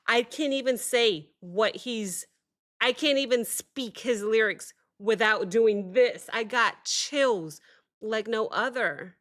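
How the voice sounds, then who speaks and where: A woman hosting a music reaction video, talking casually and excitably, often apologizing and thinking out loud. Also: fairly high pitch, slow.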